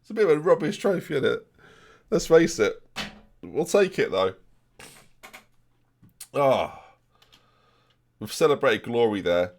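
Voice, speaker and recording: A young man giving jokey, excitable live commentary on his game and talking to his viewers. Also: mid-range voice, a little slow, pauses often, slight background noise. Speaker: gaming streamer.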